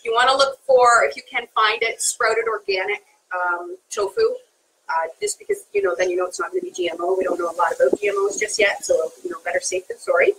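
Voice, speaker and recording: A woman's voice: on the high side, sing-song, quick pace, a bit bright, a little hiss or hum, rough recording. A woman chef talking chattily through a live cooking demonstration in a kitchen, laughing often.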